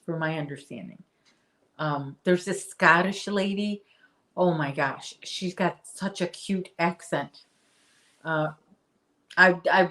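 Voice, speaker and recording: A woman hosting a crochet livestream, chatting casually with her viewers and answering their comments, often restarting her sentences. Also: lowish voice. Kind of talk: casual live chat while crocheting.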